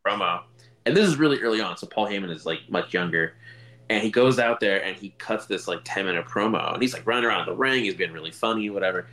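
Host, male, low voice, lively and stammering, casual banter. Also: fast. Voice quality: animated, stammering restarts, lively storyteller. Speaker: podcast host. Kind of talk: casual chat.

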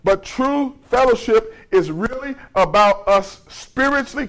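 A man who is a pastor preaching a sermon, rising to shouts and dropping to hushed lows as the congregation answers. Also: expressive, measured pace, few pauses, poor audio. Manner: call-and-response preaching, rising to shouts then dropping low.

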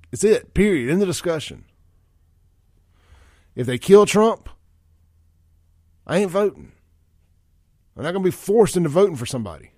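A man's voice: fairly high pitch, a little mellow, dry recording, clean studio sound. Blunt talk radio host, man. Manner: blunt, folksy, reads listener texts aloud. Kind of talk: opinionated talk radio monologue. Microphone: studio microphone.

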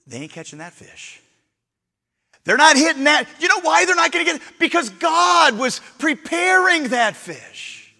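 A male preacher with a remarkably high, bright, cutting voice delivers a sermon in a church. He jumps between ringing shouts and low, hushed near-whispers. A long reverb trails each phrase through the big room. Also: very animated, moderate pace, gravelly. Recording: long reverb in a large hall.

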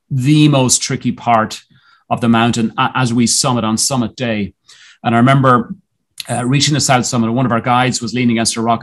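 A man as a podcast guest telling a personal story in a reflective, earnest way, often halting and restarting his sentences. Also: medium pitch, a bit bright.

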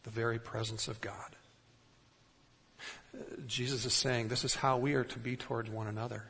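A man's voice: mid-range voice, creaky, fairly bright tone, husky. Man preaching in a reverberant hall. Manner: conversational, asks the congregation rhetorical questions. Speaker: pastor. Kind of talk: sermon. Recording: long reverb in a large hall.

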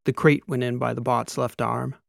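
Gravelly male audiobook narrator. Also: medium pitch, moderate pace, no echo, studio quality. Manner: steady storytelling. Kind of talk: scripted narration.

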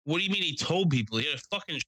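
A young man co-hosting a podcast, telling animated stories with lots of swearing, acting out quotes in a raised voice. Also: a little high, very fast, no echo, rough recording. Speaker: podcast co-host. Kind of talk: casual storytelling chat.

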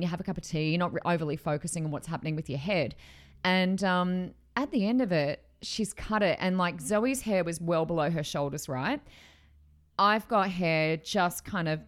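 A middle-aged woman telling a story in a casual chat, animated, with many fillers and restarts. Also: lowish voice, normal speed.

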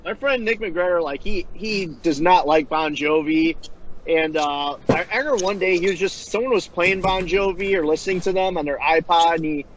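A man's voice: a little high, normal speed. A man telling a rambling, profane anecdote in a casual chat. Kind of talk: casual storytelling. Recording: dull lo-fi sound with faint background noise.

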